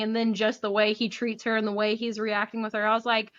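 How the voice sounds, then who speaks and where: A woman's voice: fairly high pitch, level tone, a little fast, fairly bright tone. Woman, book review co-host, casual, swears a lot, laughs often, slightly dull lo-fi sound. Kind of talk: casual chat.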